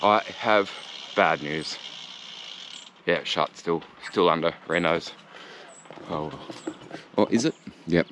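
This cycling vlogger is an Australian man giving a slang-filled running commentary to the camera, jokey and upbeat, as he rides through a national park. He speaks in a deep, slightly bright voice at a slow pace, pausing often. Background music plays, with slight background noise.

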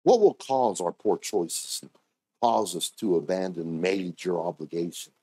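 A man preaching a sermon as pastor, telling stories and acting out quoted voices with sudden jumps in pitch. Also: expressive, measured pace, warm tone, slightly rough.

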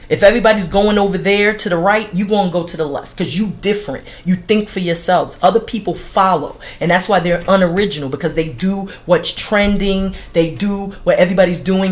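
A woman's voice: lowish voice, a little mellow. Slangy, laughing woman tarot reader. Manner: slangy, profane, laughs often, addresses viewers as y'all. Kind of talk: casual astrology reading monologue.

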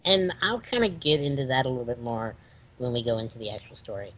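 A man's voice: medium pitch, animated, quick pace, fairly bright tone, a little hiss or hum. A man co-hosting a casual chat, talking hesitantly with frequent ums while telling a personal story. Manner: hesitant, filler-heavy storytelling. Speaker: podcast co-host.

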